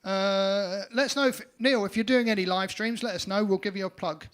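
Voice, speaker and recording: A man on a band's live stream reading out viewer names and comments, with hesitant pauses. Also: high voice, steady tone, fairly bright tone, clear, resonant tone. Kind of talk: casual live-stream chat.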